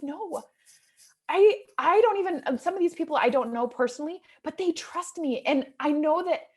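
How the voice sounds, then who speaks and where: A woman in her thirties, a real estate investor, telling an earnest and emotional personal story to an audience. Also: high voice. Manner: emotional, earnest storytelling that swings from hushed to excited.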